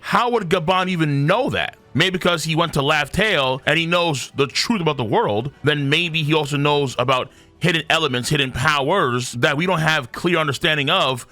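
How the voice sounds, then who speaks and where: Male comic reviewer, bright and forceful tone, casual animated delivery, faint music bed. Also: fairly high pitch. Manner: animated, puts on quick voices for characters. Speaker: host reviewing manga chapters. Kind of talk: casual commentary.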